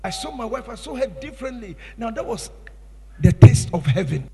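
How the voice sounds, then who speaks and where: Impassioned Ghanaian preacher in a reverberant hall. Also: male voice, high-pitched, animated, brisk, husky. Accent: Ghanaian English. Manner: impassioned, swinging from hushed to shouted. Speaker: pastor. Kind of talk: sermon.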